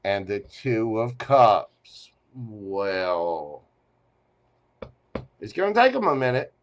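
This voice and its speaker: Lively, slow-talking man reading tarot. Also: on the low side. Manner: teasing, playful, talks straight to the listener. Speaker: tarot reader. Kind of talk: live tarot reading stream.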